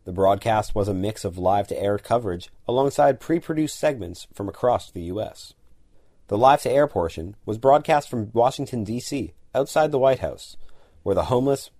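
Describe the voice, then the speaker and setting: A male radio host reading a formal scripted introduction in a steady manner. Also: on the low side, normal speed.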